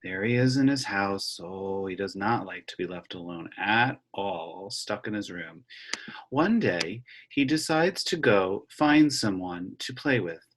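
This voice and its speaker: Husky man teaching kids a rhythm lesson. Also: lowish voice, lively intonation. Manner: gentle, patient, speaks slowly to children. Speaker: elementary music teacher. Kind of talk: online music lesson with read-aloud. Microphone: computer mic on a video call.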